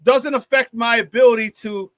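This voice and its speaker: A man with an extremely high-pitched voice hosts a casual sports talk radio show, speaking at a moderate pace with no echo. The Chicago-area host reads the live chat aloud, repeats himself, and stays animated, laughing often.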